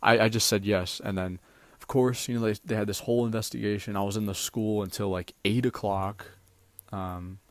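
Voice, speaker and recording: Man, young adult, low voice, hesitant, fillers and restarts, casual storytelling. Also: fairly even intonation, no echo. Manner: halting, with many fillers and restarts. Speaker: streamer.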